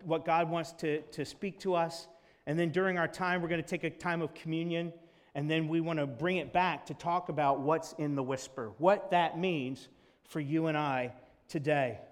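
A male pastor preaching a sermon in earnest tones, reading scripture aloud to his congregation. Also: a little high. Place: church sanctuary. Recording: long church hall reverb.

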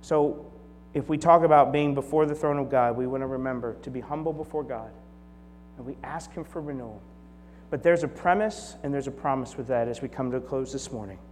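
A man in his forties preaching a conversational sermon. He shifts from lively storytelling to soft, hushed prayerful tones. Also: mid-range voice, fairly quick. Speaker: pastor. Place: church sanctuary. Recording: long hall reverb with faint mains hum.

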